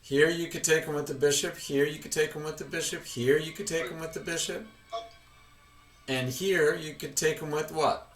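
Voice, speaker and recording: A man's voice: on the high side, steady tone, moderate pace, a bit bright, faint music behind. A man teaching a chess lesson, patiently quizzing his student with questions, recorded with room echo from a distance.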